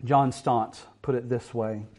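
A man preaching an expository sermon in an earnest voice, moving between quiet, low passages and strong, emphatic ones. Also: steady tone, unhurried.

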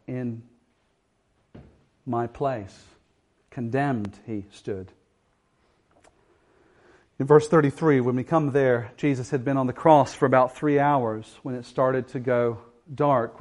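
A man preaching an expository sermon in an earnest voice, moving between quiet, low passages and strong, emphatic ones. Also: fairly even intonation, unhurried.

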